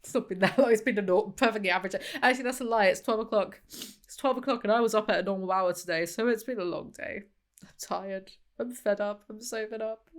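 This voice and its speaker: A woman's voice: medium pitch, fast talker. A young woman reading passages from a novel aloud and mocking them with wry, sarcastic commentary as a book reviewer.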